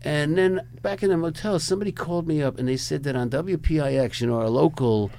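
A fairly high, warm voice belongs to an older rock photographer who talks fairly quickly while spinning rambling anecdotes in conversation. He laughs softly between tales and mimics other people's lines, with a little hiss or hum in the background.

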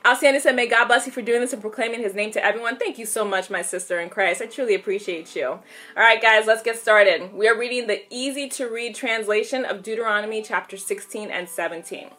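A woman leads a casual livestream devotional, pitched a little high with a bright, forceful tone. She is upbeat, welcomes viewers by name and moves between prayer and scripture reading. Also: quick pace. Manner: upbeat, greets viewers by name, laughs easily. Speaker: host of a live online Bible study.

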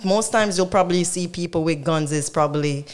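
A Jamaican woman speaks in a low, smooth, clear voice. She is a guest in a casual interview and explains things in a relaxed way, laughing easily. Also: fairly quick. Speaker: guest artist.

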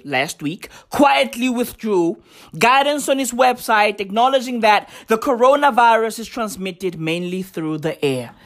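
A woman's voice: mid-range voice, dry recording, studio quality. A woman delivering a heated, profane comedic rant full of exasperated questions and slang.

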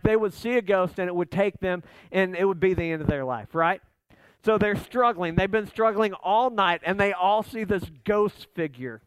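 A man's voice: high-pitched, clean tone, no echo. A man preaching a sermon as a pastor, conversational and emphatic, with asides to the listeners.

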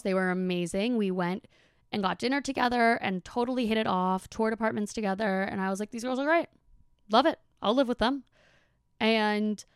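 A young woman hosts a podcast, telling a story in a chatty, casual monologue loaded with fillers and swearing. Her lowish voice is clean, recorded in a clean studio with no echo.

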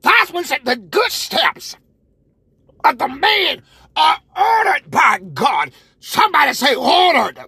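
A woman preacher delivering a sermon, shouting with call-and-response to the congregation. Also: high voice, huge pitch swings, slow pace.

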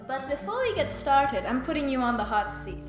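A young woman with a high, bright-pitched voice hosts a relaxed podcast chat, laughing easily and keeping things upbeat. The room is echoey, with faint music in the background. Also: normal speed. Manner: giggly, upbeat. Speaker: podcast host. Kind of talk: casual chat.

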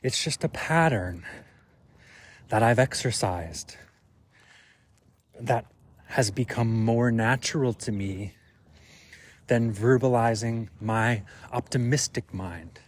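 A man's voice: medium pitch, takes it slowly, pauses often. A man hosting a podcast alone, recorded outdoors while on a walk. He muses and thinks aloud in a reflective monologue, full of fillers. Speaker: podcast host.

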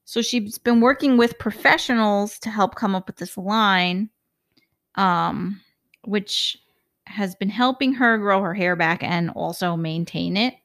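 A woman co-hosting a casual podcast, reading out a news item in a steady, informative way. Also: mid-range voice, measured pace, no room sound, studio quality.

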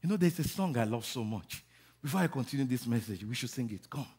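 A man preaching a sermon, calling on the congregation to repeat after him and building to shouts. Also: medium pitch, lively intonation, quick pace, very noisy. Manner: rising to shouting, call-and-response. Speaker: pastor.

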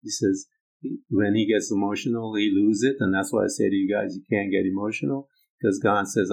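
A male preacher giving a sermon, emphatic, repeating his points and moving between loud urging and quiet low stretches. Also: fairly even intonation, brisk, gravelly, low-quality recording.

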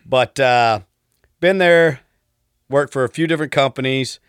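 Man, 30s, Southern accent, relaxed, polite, storytelling guest, dry close sound. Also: medium pitch, measured pace, clear, resonant tone, no echo. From Texas. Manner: drawling, easygoing, polite. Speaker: podcast guest. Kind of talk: casual storytelling.

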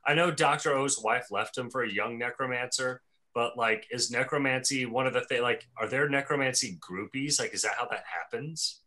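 A man leads a casual podcast chat with a bright, forward voice. He jokes, rambles and laughs often as he steers the talk. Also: medium pitch, normal speed. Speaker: podcast host.

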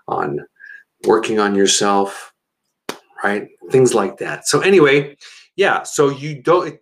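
A man's voice: mid-range voice, fairly bright tone, poor audio. Male stream host, loose and rambling, addresses the audience directly. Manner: rambling, chatty, talks to viewers by name. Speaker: live-stream host and seminar leader. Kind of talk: casual live-stream chat.

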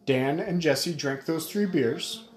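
A man's voice: on the high side, takes it slowly, background noise. A man co-hosting a podcast, telling a crude story in casual chat and joking as he goes. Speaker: podcast co-host. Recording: echoey room.

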